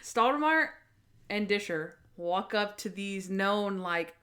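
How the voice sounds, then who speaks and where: A woman co-hosting a casual podcast, talking at an ordinary middle pitch. She retells scenes with plenty of laughter and quick little impressions of the characters. Her tone stays chatty and relaxed. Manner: animated, laughing often, acting out quoted lines. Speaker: podcast co-host. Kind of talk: casual chat recapping a TV episode.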